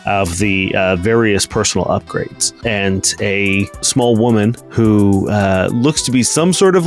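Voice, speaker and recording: A man's voice: on the low side, a little slow, hardly any pauses, faint music behind. A man narrating as game master of a tabletop game, loose and rambling with lots of fillers.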